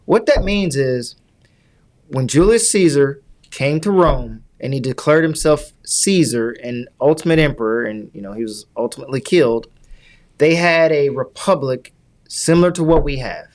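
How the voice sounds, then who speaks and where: A man's voice: mid-range voice, animated, moderate pace. A man co-hosting a podcast, explaining politics at length in an earnest, lecturing way during casual chat. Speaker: podcast co-host.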